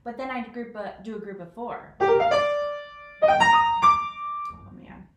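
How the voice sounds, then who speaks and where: A woman talking casually through how she practices a piano piece, chatty and self-deprecating, counting rhythms out loud. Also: fairly high pitch, slow. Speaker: piano teacher. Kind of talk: casual piano lesson vlog. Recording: echoey room with piano. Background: piano playing.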